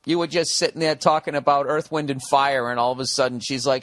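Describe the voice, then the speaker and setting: A man's voice: mid-range voice, steady tone, a little fast, fairly bright tone, slight background noise. A man hosting a podcast, giving comedic advice in a profane, riffing, emphatic rant. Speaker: podcast host.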